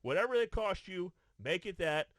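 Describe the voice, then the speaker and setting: A man's voice: sits high, expressive, moderate pace, fairly bright tone, no room sound. A man co-hosting a podcast, telling a profane story with lots of restarts and acted-out quotes. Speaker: podcast co-host. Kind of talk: casual chat. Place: podcast studio.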